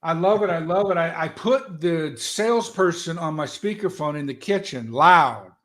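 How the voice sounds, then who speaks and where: A man telling stories as a guest in an animated, folksy, loud way. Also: fairly high pitch, normal speed. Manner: animated, folksy storyteller who talks loud. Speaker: guest, political strategist. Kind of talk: casual motivational talk.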